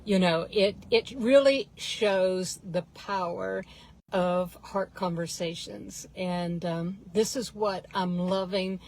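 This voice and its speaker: Slow, earnest woman life coach. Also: medium pitch, a little mellow, low-quality recording. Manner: unhurried, earnest, addresses viewers as guys. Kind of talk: casual storytelling to viewers.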